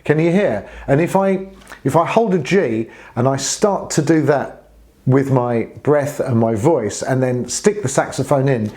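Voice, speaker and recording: A man's voice: medium pitch, a little slow, warm tone. A man teaching saxophone in a casual spoken tutorial, friendly and earnest, sometimes growling gritty sounds to demonstrate.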